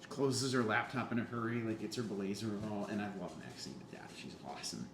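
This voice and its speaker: A man's voice: on the low side, fast. A young man telling a story in casual chat, swearing freely and acting out the people he quotes. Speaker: podcast guest. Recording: echoey room with faint hum.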